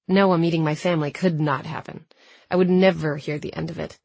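Husky low-voiced woman narrating an audiobook. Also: steady tone, brisk, no echo. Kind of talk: first-person audiobook narration.

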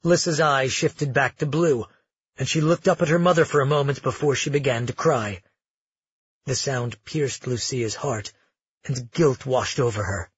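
A man narrating an audiobook in a measured, dramatic storytelling manner. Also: medium pitch, slightly rough, no room sound, dull audio.

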